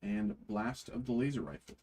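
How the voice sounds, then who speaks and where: A man hosting a trading card break, reading card names aloud slowly with frequent fillers. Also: lowish voice, expressive, warm tone, rough recording.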